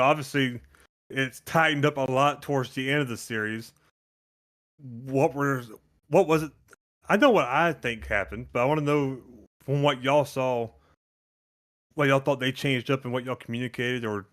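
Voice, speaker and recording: A man hosts a casual post-match interview at a middle pitch. He talks in a joking, folksy way. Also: a bit bright. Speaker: show host and team manager.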